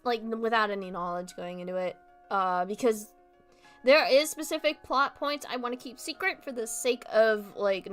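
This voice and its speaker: Young woman streamer with a slightly high voice, bubbly and gushing, cusses freely, faint music underneath. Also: smooth. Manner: excitable, gushing, swears casually. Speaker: game streamer. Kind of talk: live game stream chat.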